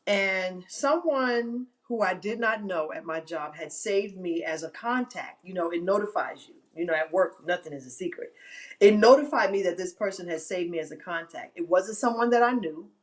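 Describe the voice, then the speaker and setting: A woman's voice: on the low side, normal speed. A woman hosting an inspirational live-stream talk, emphatic and given to repeating phrases for effect.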